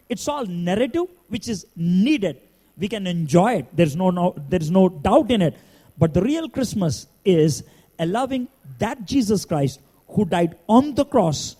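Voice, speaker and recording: A middle-aged man preaching, his voice pitched high and swinging widely as he acts out a story's quotes. The tone stays dark and mellow even when he climbs to emphatic peaks. He preaches like a storyteller. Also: big-room sound. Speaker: pastor. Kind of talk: sermon.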